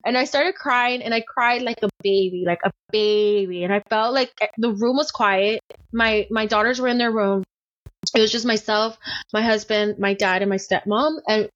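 Young woman guest rambling openly in a podcast, kinda high voice, dull lo-fi sound. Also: a bit bright. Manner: open and chatty, many fillers and restarts. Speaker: podcast guest, business owner. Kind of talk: candid interview storytelling.

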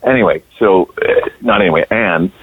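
A man guest in a podcast interview, telling a story earnestly and haltingly, with many restarts. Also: low-pitched, a little hiss or hum. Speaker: actor guest. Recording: tinny phone-like line.

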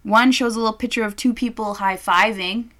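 A woman's voice: on the high side, steady tone, brisk, a bit bright. A young woman co-hosting a podcast, chatting casually in a brash, joking, profane way. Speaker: podcast co-host. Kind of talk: casual chat.

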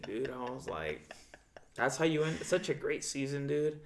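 A man's voice: mid-range voice, expressive, measured pace, a little hiss or hum. A man in casual chat, venting about football with lots of swearing and quoted self-talk. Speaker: podcast co-host, football fan.

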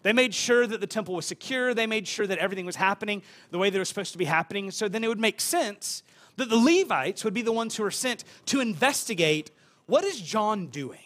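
A young man delivers a sermon in a notably high voice. He talks the scripture through in a loose, conversational way. He often restarts and repeats words along the way. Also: fast talker, fairly bright tone. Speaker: pastor.

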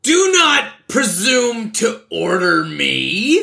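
A man's voice: sits high, sing-song, extremely slow, creaky, pushed and bright, full character voice. A man voicing a haughty, formal noble lord who gives commands, in a tabletop role-play game. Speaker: player.

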